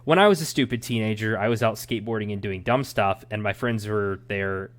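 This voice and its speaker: A man's voice: lowish voice, a little fast. A young adult man co-hosting a podcast, giving his opinions in a rambling, ranting casual chat. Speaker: podcast co-host.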